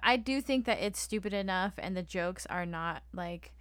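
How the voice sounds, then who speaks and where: A woman's voice: on the low side, moderate pace, fairly bright tone, clear, resonant tone, dry recording. A young adult woman co-hosting a podcast in casual chat, enthusiastic and casual, swearing now and then. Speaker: podcast co-host.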